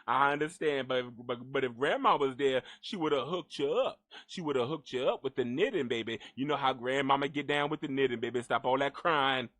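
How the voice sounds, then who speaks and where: A man playing a gentle elderly grandma comforting her crying grandbaby, dropping into a low soothing coo and stretching her words out, tender and unhurried. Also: dry recording, natural voice. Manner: soothing, drawn-out.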